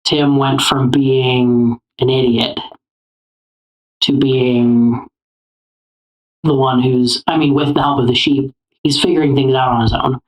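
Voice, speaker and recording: A co-host on a casual movie discussion podcast, talking in a relaxed way with halting, repeated starts. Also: mid-range voice, low-quality recording.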